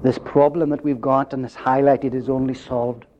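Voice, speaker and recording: A man preaching a sermon, building up to emphatic questions and dropping his voice low at the end of phrases. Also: little pitch movement, normal speed, darkish tone, slight background noise. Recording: dull lo-fi recording.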